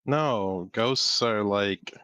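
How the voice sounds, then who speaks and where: A man on voice chat during a watch-along, quick to disagree. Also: on the low side, pushed and bright, clear, resonant tone, no room sound. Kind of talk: casual group chat.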